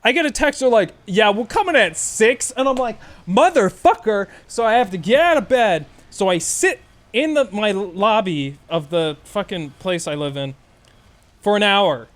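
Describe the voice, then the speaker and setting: A male streamer telling a story casually, animated and swearing often. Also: high-pitched, moderate pace. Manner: profane, animated rant.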